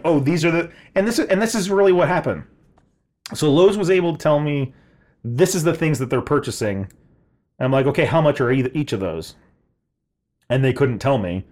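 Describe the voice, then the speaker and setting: A man casually telling an exasperated story, swearing and laughing, quoting people in his own voice. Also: medium pitch. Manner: animated, swearing, laughing, mimicking others in quotes.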